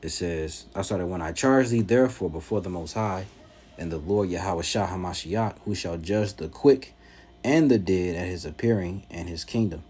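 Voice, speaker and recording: A man's voice: low-pitched, moderate pace, darkish tone, slightly rough. A man preaching at home, teaching from scripture and answering critics in an emphatic, mocking way.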